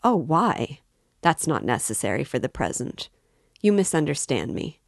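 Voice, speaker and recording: A woman's voice: low-pitched, very animated, moderate pace, vocal fry, dry recording, clean studio sound, exaggerated voice. A woman reading an audiobook voices an affable, prying older male magistrate who talks with excessive politeness. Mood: amiable probing. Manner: overly polite, familiar, insinuating.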